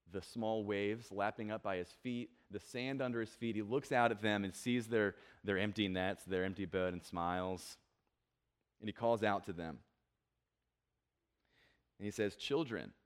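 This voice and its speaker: A man's voice: fairly low pitch, smooth. A young man preaching a casual, conversational sermon, acting out quotes and joking about himself. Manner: conversational, self-deprecating, acts out quotes. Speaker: pastor.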